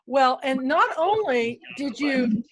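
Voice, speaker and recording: Kansas woman host, gushing and upbeat, somewhat high voice. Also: expressive, slow. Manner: enthusiastic, gushing. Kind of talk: casual interview chat.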